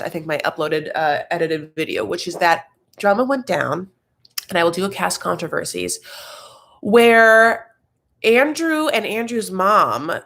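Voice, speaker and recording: A woman hosts a casual live chat with a mid-pitched voice. She talks in a rambling, chatty way, full of filler words. Now and then she breaks into quick impressions. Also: fairly bright tone. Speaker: host.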